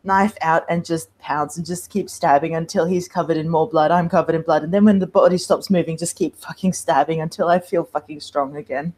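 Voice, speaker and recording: A woman's voice: sits low, steady tone, a little fast, few pauses, darkish tone. A woman playing her character in a tabletop game, speaking intensely and swearing in character. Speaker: player.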